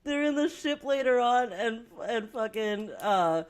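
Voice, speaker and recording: A woman's voice: on the high side, lively intonation, measured pace. A young woman co-hosts a casual movie podcast and tells scenes back in a loose, rambling way. She leans on "like" constantly, swears freely, and keeps laughing at her own retellings. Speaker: podcast co-host. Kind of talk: casual movie-review chat.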